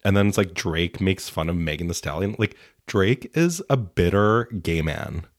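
A man's voice: deep voice, lively intonation, normal speed, no room sound, studio quality. A man co-hosting a casual chat, snarky and ranting, swearing freely. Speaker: podcast co-host.

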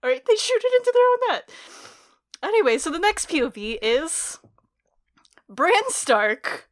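Young woman co-host, high and bouncy pitch, casual chat, rambling and giggly. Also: big pitch swings, a little slow. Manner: giggly, rambling, acts out quotes. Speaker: podcast co-host.

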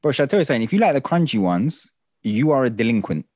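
A man's voice: medium pitch, fast, a little hiss or hum. A young man co-hosting a podcast, chatty and jokey, telling stories in a casual chat. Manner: chatty, jokey, animated storyteller. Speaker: podcast co-host.

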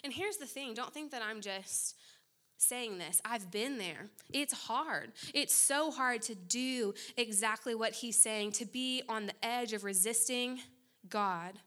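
A young woman preaching to a room of young people, her voice bright and ringing, pitched a little high. She talks directly and urgently, slipping in playful asides and little mocking impressions. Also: takes it slowly. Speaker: guest speaker. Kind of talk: youth sermon.

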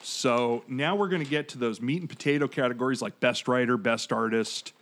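A man's voice: medium pitch, a little fast, fairly bright tone. A man in his forties hosting a podcast, chatting casually and digressing as he reads out award winners. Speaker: podcast host.

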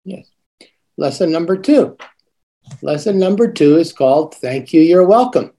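A man's voice: on the high side, expressive, a little slow, dark tone. A man acting as a teaching coach, explaining classroom routines and modeling greetings with sing-song emphasis. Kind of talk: coaching talk.

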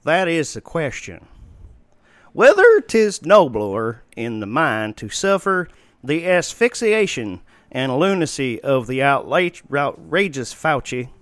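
A man's voice: fairly high pitch, fairly bright tone, no room sound, pitched above the performer's own voice, full character voice. A man performing a melodramatic brooding hero in an overblown theatrical dramatic reading.

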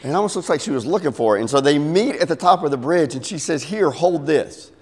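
Middle-aged pastor preaching in a reverberant hall. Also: male voice, expressive, fast. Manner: storytelling, acts out voices with big pitch swings. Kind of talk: sermon.

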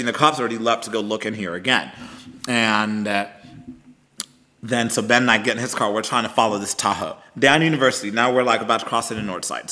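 A man, co-hosting a podcast and telling a story in an animated, chatty way, calling listeners y'all and girl. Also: medium pitch. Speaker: podcast co-host. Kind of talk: casual storytelling chat.

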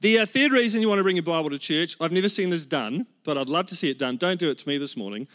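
A man's voice: a little high, animated, fast, fairly bright tone. A man, preaching a humorous sermon and telling stories with acted-out quotes. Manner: joking, storytelling with acted-out quotes. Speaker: pastor.

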